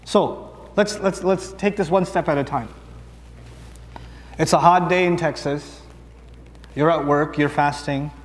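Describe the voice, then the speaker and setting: A man's voice: a little high, unhurried, pauses often, big-room sound. A man giving a sermon, talking casually and with humor, asking the audience questions and answering them himself. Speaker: preacher.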